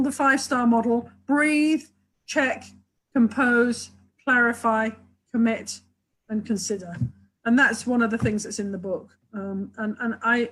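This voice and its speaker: A couples therapist speaks in a webinar, her voice a little higher than most women's. She is enthusiastic and talkative, piling up examples as she explains. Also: poor audio. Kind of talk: webinar talk.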